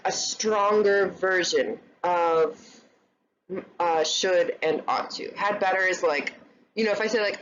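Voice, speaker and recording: A woman teaching an online English grammar lesson, chatty and relaxed, often checking in with "right?". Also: fairly low pitch. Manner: casual, many fillers and "right?" checks. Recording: slightly dull lo-fi recording, faint noise.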